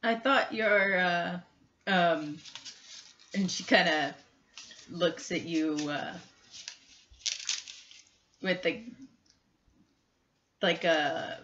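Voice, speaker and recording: A woman at a tabletop game who speaks slowly and hesitantly. Her voice is low but bright. The recording is dull with a faint hiss. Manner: hesitant, searching for words. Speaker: player. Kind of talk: tabletop role-play chat.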